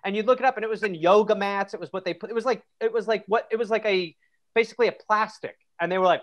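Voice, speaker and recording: A man's voice: high-pitched, fast. A man hosting a comedy podcast, chatting and reading letters aloud in mocking voices. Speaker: podcast host.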